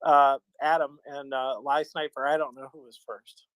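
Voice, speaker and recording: A man's voice: mid-range voice, level tone, moderate pace, a bit bright, clear, resonant tone, dry recording, rough recording. An American man in casual talk, telling a rambling, self-mocking story with many fillers. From United States. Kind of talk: casual chat.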